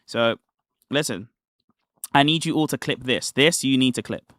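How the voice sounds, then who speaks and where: A man's voice: medium pitch, moderate pace, fairly bright tone, no room sound, studio quality. A man streaming live, commenting on a replay of his own debate in a casual, mocking, slang-heavy way and laughing often.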